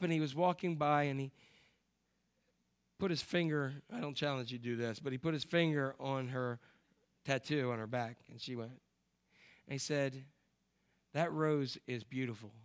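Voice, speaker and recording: Pastor guy preaching, kinda high voice, gets loud then drops real quiet. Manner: animated storytelling, swings between loud emphasis and quiet asides. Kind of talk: sermon.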